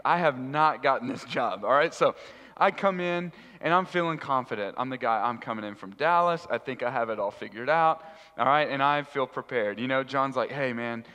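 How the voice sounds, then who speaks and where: A man giving a sermon, telling a funny story in an animated, humorous way. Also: a little high. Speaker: youth pastor. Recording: reverberant hall.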